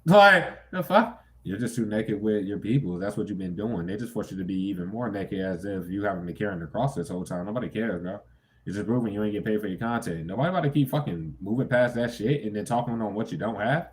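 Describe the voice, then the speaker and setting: A man's voice: on the low side, fast talker, darkish tone, slight background noise. A young man giving a casual tarot reading, talking bluntly and with heavy profanity, breaking into sudden incredulous outbursts. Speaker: tarot reader.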